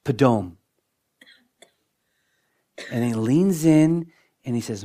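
A man preaching a sermon as pastor, shifting between strong emphasis and soft, hushed moments, often repeating words as he builds a point. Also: medium pitch, expressive, slow pace, pauses often. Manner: dynamic preaching, dropping to near-whispers for emphasis.

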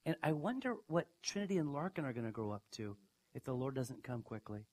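A man preaching a sermon, emphatic, who asks his listeners questions and swings from hushed to loud. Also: sing-song, brisk. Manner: emphatic, dramatic swings in pitch and loudness. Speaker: pastor.

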